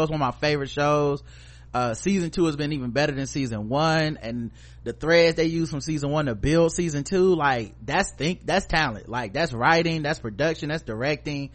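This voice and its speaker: A man co-hosting a podcast, his voice sitting a little high for a man. He talks in loose, casual chat and gives blunt, profane, strongly opinionated commentary. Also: moderate pace, fairly bright tone. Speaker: podcast co-host.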